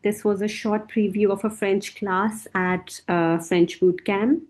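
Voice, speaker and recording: A woman teaching a beginner French lesson, speaking slowly and patiently and repeating each word for her students to drill. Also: medium pitch, steady tone, a little mellow.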